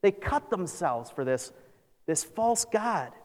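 A man preaching a sermon as pastor, animated, acting out scripture with sarcastic asides. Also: sits high, takes it slowly. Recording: long reverb of a large hall.

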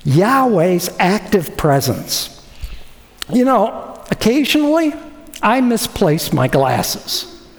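A man preaching a sermon as pastor, animated and acting out quoted voices. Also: sits high, slow. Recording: reverberant hall.

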